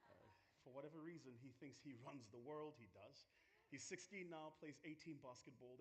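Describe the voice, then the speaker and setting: Bright-voiced South African keynote speaker. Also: male voice, mid-range voice. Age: 40s. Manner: joking, playful, addresses the audience directly. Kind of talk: conference keynote talk.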